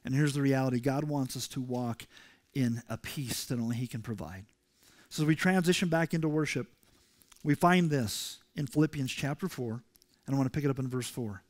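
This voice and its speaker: A male pastor preaching a sermon to his congregation, emphatic and rising loud when he reads scripture. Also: medium pitch, a little fast. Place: church sanctuary.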